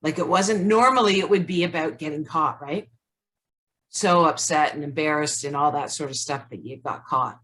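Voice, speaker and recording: Her voice is low and a bit bright, at normal speed. She's a co-host on a casual self-help chat held over video call, musing reflectively and searchingly, with frequent "like"s as she thinks out loud.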